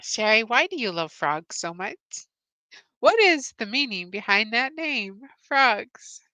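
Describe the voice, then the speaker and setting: A woman's voice: on the high side, very animated, slow, pushed and bright, smooth, dry recording. A woman hosting a live-stream Bible trivia game. She cheerfully greets viewers, reads out their answers and laughs often. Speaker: host.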